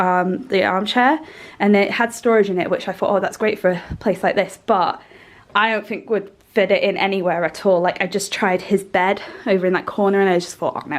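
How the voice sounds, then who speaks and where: A woman, chatting casually and enthusiastically to camera at home, often laughing. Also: medium pitch. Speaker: lifestyle vlogger. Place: at home, indoors.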